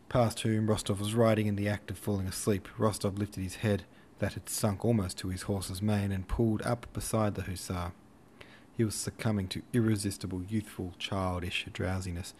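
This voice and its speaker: Low-voiced male audiobook narrator. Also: normal speed, a little hiss or hum. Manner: steady, even storytelling. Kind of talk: scripted narration.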